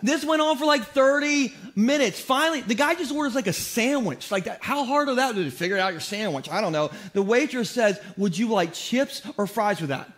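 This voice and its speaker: A man with a high voice preaches in church, storytelling with comic timing. He pokes fun at himself and moves fast between jokes and the point of the sermon. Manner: comedic storytelling, animated, self-deprecating. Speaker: pastor.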